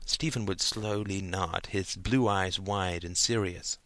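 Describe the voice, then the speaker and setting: A man narrating a novel in a measured, unhurried audiobook reading. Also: deep voice, steady tone, fairly bright tone, dry recording.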